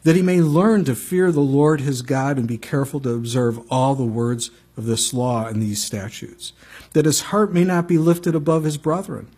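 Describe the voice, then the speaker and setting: A pastor preaching a conversational sermon, reading scripture and telling stories with frequent asides to the congregation. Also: male voice, mid-range voice, normal speed, darkish tone, husky.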